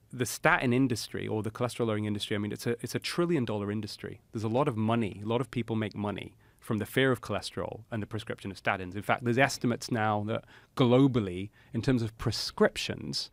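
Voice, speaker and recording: Low-voiced man telling a story. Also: vocal fry, dry recording. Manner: animated storyteller, frequent "you know" fillers. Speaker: cardiologist guest. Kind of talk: podcast storytelling.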